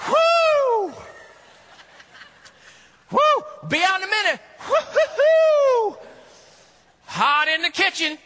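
A man voicing a frantic, overworked woman who complains shrilly and shouts. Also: very high-pitched, sing-song, very slow, long pauses, in a large hall, pitched above the performer's own voice, exaggerated voice. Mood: harried.

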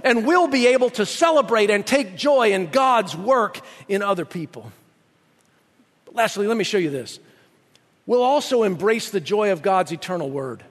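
High-voiced preaching pastor in a reverberant hall. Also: male voice, fairly bright tone. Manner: emphatic preaching, reads scripture aloud. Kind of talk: sermon.

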